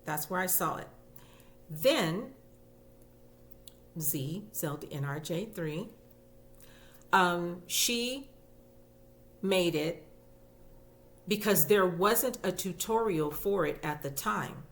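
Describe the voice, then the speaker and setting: Woman vlogger, low voice, slow unhurried delivery, gushing and chatty. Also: expressive. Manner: chatty and gushing, with fillers and repeats. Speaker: crochet YouTuber. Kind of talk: casual show-and-tell vlog.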